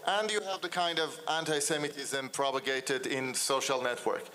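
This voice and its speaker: A man's voice: mid-range voice, steady tone, normal speed, bright, forceful tone. A man answering on a conference panel in an articulate, explanatory way.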